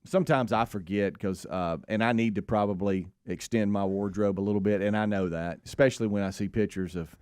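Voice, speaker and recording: A man's voice: on the low side, fairly even intonation, brisk, hardly any pauses, darkish tone, smooth, no echo. Upbeat radio host man, dry. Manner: upbeat, rambling with many fillers. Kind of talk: casual morning-show banter. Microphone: studio microphone.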